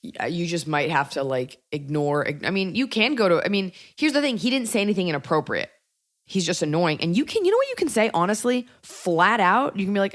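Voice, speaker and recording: A woman's voice: lowish voice, big pitch swings, fairly quick. A woman hosting a podcast, giving blunt, emphatic advice and acting out quoted lines. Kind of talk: casual advice chat.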